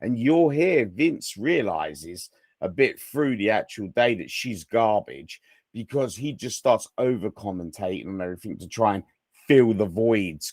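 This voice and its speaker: A man's voice: on the low side, a little mellow, no echo, studio quality. A man co-hosting a wrestling podcast, chatting casually with a joking manner. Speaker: podcast co-host. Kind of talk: casual chat.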